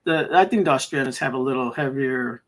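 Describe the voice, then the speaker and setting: A man's voice: mid-range voice, brisk. Laid-back man in casual chat. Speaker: podcast host.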